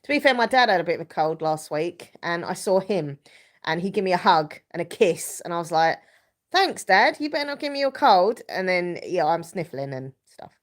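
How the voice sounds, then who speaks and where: A woman's voice: on the low side, moderate pace. A woman, chatting loosely on a live stream. She sounds stuffy and congested from a cold, and she rambles along while reading out viewers' comments. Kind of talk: casual live stream chat.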